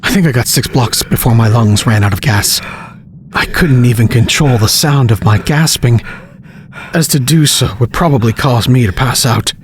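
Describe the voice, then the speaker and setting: A man narrating a scripted horror story of his own in the first person, tense and hushed, building urgency. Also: medium pitch, moderate pace, slight background noise. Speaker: narrator and author.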